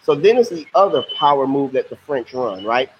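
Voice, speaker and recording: A man's voice: medium pitch, brisk. A man teaching a casual, slangy livestream history lesson and quizzing his viewers. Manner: lively, slangy, asks questions to the class. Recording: muffled lo-fi stream audio with faint hiss.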